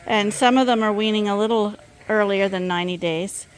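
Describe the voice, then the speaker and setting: A woman's voice: mid-range voice, brisk. A woman sheep farmer chatting casually as she explains her animals, with fillers and restarts. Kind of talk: casual farm vlog narration. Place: outdoors and in a barn among sheep. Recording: clear farm noise behind. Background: bleating sheep.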